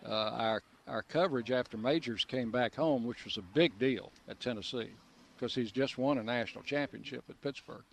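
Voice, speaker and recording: A man's voice: mid-range voice, normal speed, creaky. An older man, a veteran sports broadcaster, chatting easily as a radio guest on an outdoor patio, telling stories with chuckles and lots of restarts. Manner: easygoing storyteller, frequent uh fillers and restarts, chuckles. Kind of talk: relaxed reminiscing radio interview.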